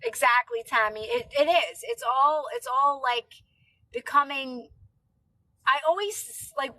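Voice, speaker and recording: Brief: chatty woman live streamer, high pitch, bright rambling talk. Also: moderate pace, rough recording. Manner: chatty, rambling with many fillers. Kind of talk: casual live stream chat.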